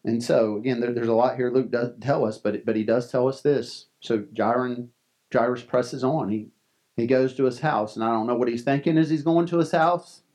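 A man's voice: medium pitch, steady tone, normal speed. A male pastor preaching a sermon in an earnest, conversational way, often restarting his words. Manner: earnest, conversational, frequent restarts and soft laughs.

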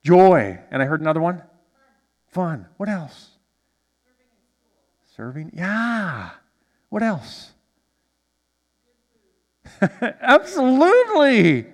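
Male preacher, lively, slightly high voice, long church reverb, sermon delivery. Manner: animated, with congregation call-and-response. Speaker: pastor. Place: church sanctuary.

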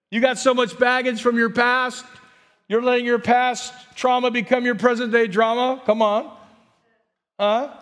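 A high-pitched man preaches with lively, theatrical delivery. He slips into the voices of the people in his stories, and his voice swells from quiet asides to near-shouts. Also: moderate pace. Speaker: pastor. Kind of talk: sermon.

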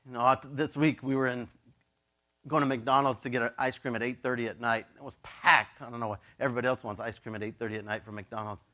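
A man preaching a casual, joking sermon as a pastor, chatty and animated, acting out voices in his stories. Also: medium pitch, quick pace. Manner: chatty, with many "like" and "you know".

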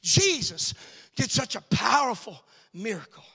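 A man with a Cajun accent preaching a sermon, moving from quiet asides up to shouted, sing-song lines. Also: very high-pitched, very animated, a little slow, vocal fry, slightly rough.

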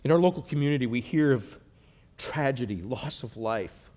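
A man preaching a sermon, earnest, rising to loud emphatic passages and dropping to a near hush. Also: medium pitch, lively intonation, normal speed. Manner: earnest, swells loud then drops to a hush. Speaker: pastor.

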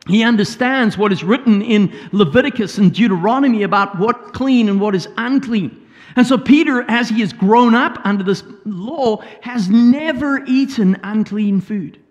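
A man's voice: high-pitched, moderate pace, lo-fi sound. A man, a pastor, preaching a sermon and retelling a story with asides and paraphrased quotes. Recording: hall reverb.

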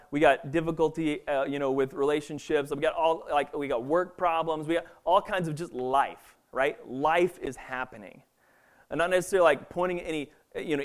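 A man giving a casual, conversational sermon, often checking in with the listeners with "right?". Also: fairly high pitch. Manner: conversational, filler-heavy, keeps asking "right?". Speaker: pastor.

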